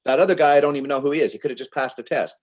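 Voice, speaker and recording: Talking very fast in a mid-range voice, an entrepreneur being interviewed on a podcast casually recounts a business story. He's animated and conversational, often tossing in "okay?" and "right?"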